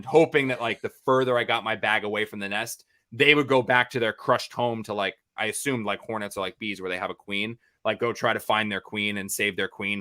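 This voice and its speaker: Bright-voiced man telling a rambling story. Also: on the low side. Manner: rambling, animated storytelling with many fillers and restarts. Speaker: podcast co-host. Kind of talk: casual storytelling on a podcast.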